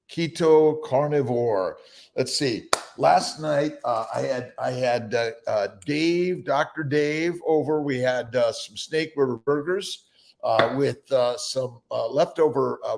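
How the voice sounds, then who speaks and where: A man's voice: medium pitch, vocal fry, a little mellow. A man hosting a casual morning livestream, rambling with many fillers as he greets viewers by name. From United States. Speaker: livestream host.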